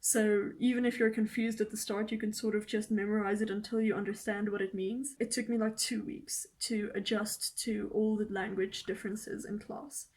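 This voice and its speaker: A young woman from South Africa with an Afrikaans accent and Afrikaans as her first language. She vlogs to camera in a casual, animated, emphatic way, with bursts of mock indignation. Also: medium pitch, moderate pace, hardly any pauses. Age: young adult. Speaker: vet student vlogger. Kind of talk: casual vlog talk to camera.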